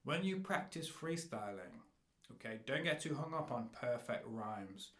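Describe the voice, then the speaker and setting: Man, rap teacher, explains then raps short bars, mid-pitched voice, echoey room. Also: lively intonation, a little slow, fairly bright tone. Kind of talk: instructional talk with rapped examples. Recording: roomy echo.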